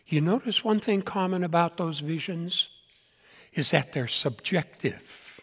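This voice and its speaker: Old guy preaching in a church, fairly high voice, long echo in the hall. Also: unhurried, fairly bright tone, slightly rough. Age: 70s. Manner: earnest, repeats key points for emphasis. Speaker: pastor. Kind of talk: sermon.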